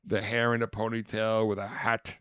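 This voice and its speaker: A man telling a comic story in casual podcast chat, animated and swearing freely. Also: fairly low pitch, normal speed, clean tone, dry recording, studio quality. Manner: storytelling, animated, swears freely, does mock posh voices. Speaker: podcast host.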